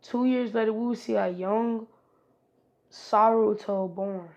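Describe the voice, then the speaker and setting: A woman tells a fan-made story in a loose, chatty way and talks straight to her viewers. Her voice is gravelly, with a middle pitch. She keeps the delivery casual throughout. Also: fairly even intonation, slow, darkish tone, muffled recording. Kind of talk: casual fan-fiction narration.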